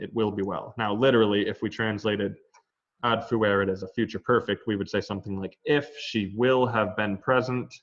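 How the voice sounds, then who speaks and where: A man teaching a Latin grammar lesson in an online class, explaining in a loose conversational way with asides. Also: on the low side. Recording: dull lo-fi online class audio.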